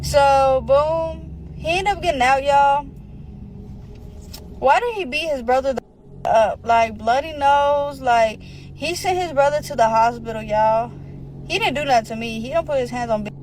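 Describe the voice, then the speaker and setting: A woman's voice: high-pitched, unhurried, a little mellow, slight background noise, low-quality recording. A woman casually telling her own story, rambling, with slang and a lot of filler words.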